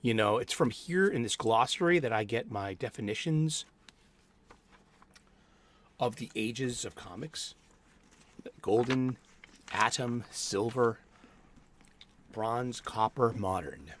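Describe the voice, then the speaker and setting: A man's voice: medium pitch, animated, slow pace, pauses often. A middle-aged man hosting a casual solo chat, rambling with many restarts and fillers. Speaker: host. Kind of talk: casual solo chat about comic books. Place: home studio.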